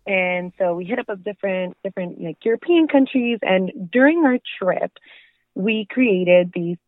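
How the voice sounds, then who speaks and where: A woman calling in by phone, telling a story with a laughing, animated delivery. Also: medium pitch, moderate pace, no room sound. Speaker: phone caller, friend of the guest. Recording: tinny phone line.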